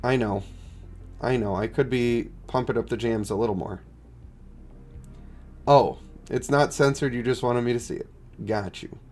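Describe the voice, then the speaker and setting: A stuffed-up man live-streaming a mobile game, chatting in a low-key way and answering his chat. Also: moderate pace, long pauses, darkish tone, faint music behind. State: congested, stuffed up. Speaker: gaming streamer.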